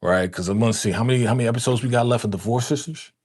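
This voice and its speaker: Man, live-stream host, casual chat, slangy, repeats himself, calls viewers fam, mid pitch, podcast mic. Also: racing, a little mellow, slightly rough. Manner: loose, repetitive, slangy, addresses viewers as fam. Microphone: podcast dynamic microphone.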